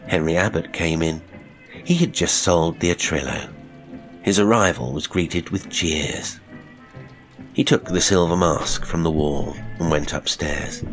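A man narrating a classic horror short story in a measured, unhurried way. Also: very deep voice. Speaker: narrator and producer.

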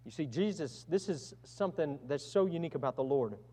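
A man preaching a sermon as pastor, earnest, swinging from loud emphasis to hushed tones. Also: fairly high pitch, animated, fairly quick, in a large hall.

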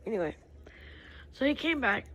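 A woman's voice: on the high side, sing-song, normal speed, rough recording. Rambling folksy woman vlogging poolside. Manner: rambling, folksy, with filler words and soft laughs. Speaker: family vlogger. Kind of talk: casual chat. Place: outdoors by a swimming pool.

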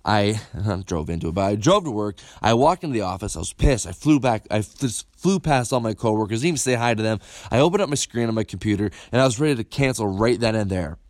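A man, telling a personal story in a candid, animated way, cursing freely and stumbling over repeated words. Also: fairly low pitch, fast, few pauses, no echo, clean studio sound. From upstate New York. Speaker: motivational speaker.

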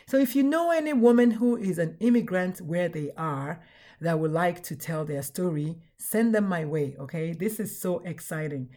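Woman host, casual live chat, enthusiastic, warm mellow voice. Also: fairly low pitch, moderate pace. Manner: bubbly, repetitive, enthusiastic. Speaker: podcast host.

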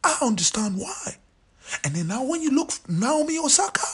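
Speaking at a normal speed, a show host in his late thirties has a very breathy, airy voice whose pitch jumps around animatedly. His opinionated monologue is emphatic and repetitive, with occasional drops into near-whispered asides.

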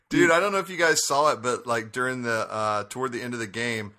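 A man co-hosting a casual sports chat, joking and quick to laugh. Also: mid-range voice, pushed and bright. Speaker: podcast co-host.

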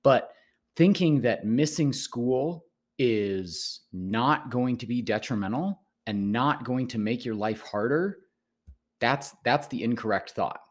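A man's voice: medium pitch, takes it slowly. A man, a teacher who hosts a podcast, giving casual rambling advice to students and often repeating his words.

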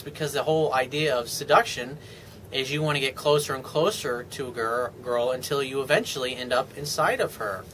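Confident male dating coach, chatty advice monologue, bright and slightly high voice. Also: a little hiss or hum, low-quality recording. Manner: confident, chatty, acts out sample dialogue.

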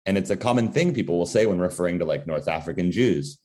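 A man's voice: sits low, expressive, fast talker, mellow. A man talking casually as a guest, profane and full of filler words. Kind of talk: casual conversation.

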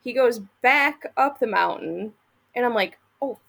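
Gravelly-voiced woman telling a blunt story. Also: fairly high pitch, animated, unhurried, a bit bright. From Michigan. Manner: blunt and profane, acts out quoted lines. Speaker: podcast guest. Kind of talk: casual storytelling.

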